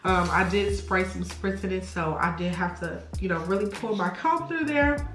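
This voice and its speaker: A woman's voice: fairly low pitch, normal speed, fairly bright tone. Young woman doing a hair tutorial at home, gushy and chatty, roomy echo, faint music under it. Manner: gushing, chatty, says y'all a lot. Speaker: beauty vlogger. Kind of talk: casual hair tutorial chat.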